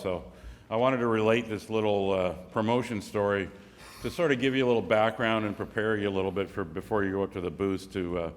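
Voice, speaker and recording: A man's voice: lowish voice, slight background noise. A man organizing an investor conference, giving a casual talk with lots of restarts and rambling phrasing. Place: conference hall. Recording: echoey hall reverb.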